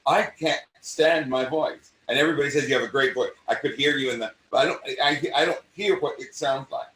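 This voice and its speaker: An older man with a mid-Atlantic accent, an acting coach talking in an animated, rambling way. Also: medium pitch, brisk, distant mic. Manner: animated, rambling, self-interrupting. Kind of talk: casual conversation. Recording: echoey room, away from mic.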